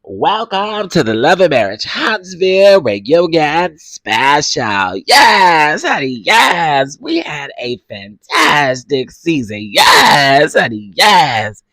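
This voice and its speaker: A man doing an impression of a pompous male reality-show host who stretches out every phrase in a slow, grand drawl. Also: a little high, big pitch swings, bright, forceful tone, dry recording, exaggerated voice. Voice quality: slow drawn-out emphatic delivery.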